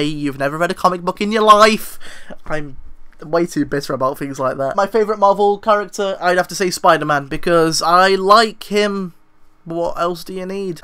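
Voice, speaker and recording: A man's voice: high voice, a bit bright, clear, resonant tone. Young british guy rambling thru viewer questions to his camera, lots of "like", pokes fun at himself. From Britain. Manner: rambling and self-deprecating, heavy use of "like". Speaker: host answering viewer questions. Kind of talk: casual chat to camera. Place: room at home, lit by daylight.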